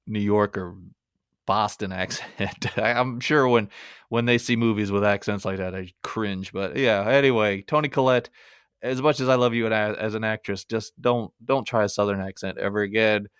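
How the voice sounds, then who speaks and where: A man's voice: lowish voice, clean tone, no echo, clean studio sound. Wry man hosting a movie podcast. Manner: wry, self-mocking humor with chuckles. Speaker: podcast host. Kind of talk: casual movie review monologue.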